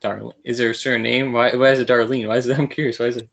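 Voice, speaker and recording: Eager young podcast host. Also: male voice, mid-range voice, level tone, racing, creaky. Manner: playful, eager, laughs often. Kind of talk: casual interview chat.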